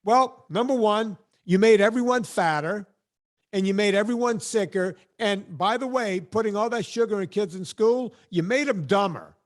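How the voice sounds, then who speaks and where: A man's voice: high voice, normal speed. A man hosting a podcast, ranting bluntly and sarcastically in casual chat. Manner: blunt, sarcastic, emphatic rants. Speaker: podcast host.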